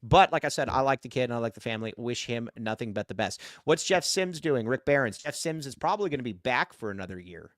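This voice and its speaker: A man co-hosting a casual sports podcast livestream, talking in an excitable way and reading viewer comments aloud. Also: medium pitch, fast talker, few pauses, dry recording, clean studio sound. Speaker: podcast co-host.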